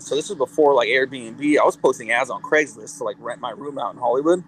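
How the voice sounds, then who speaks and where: A man's voice: medium pitch, brisk, a little hiss or hum, poor audio. A man guest on an interview show who tells long stories in a casual, rambling way. He swears a lot, leans on fillers, and acts out quoted dialogue. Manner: rambling, profane, full of "like" fillers. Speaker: guest, cannabis company CEO and musician.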